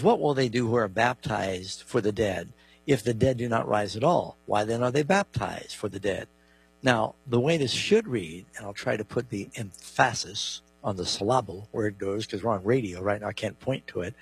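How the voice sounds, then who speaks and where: Radio Bible show co-host, male, gravelly and husky tone, dry studio sound, explains and reads scripture. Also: on the low side, animated, fairly quick, no room sound, faint music behind, poor audio. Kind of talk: radio call-in Bible answers.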